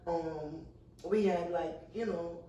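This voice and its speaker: A woman's voice: on the low side, slow. A woman from Trinidad with a New York accent and a Trinidadian undertone, chatting as a comedian guest in a casual podcast interview, full of fillers. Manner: chatty, animated storyteller with many fillers. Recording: echoey room, distant mic.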